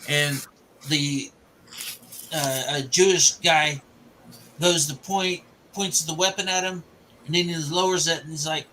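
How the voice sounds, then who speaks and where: A man's voice: fairly high pitch, steady tone, measured pace, long pauses, sharp tone, slight background noise, poor audio. A man casually retelling the plot of a film, rambling and restarting as he goes.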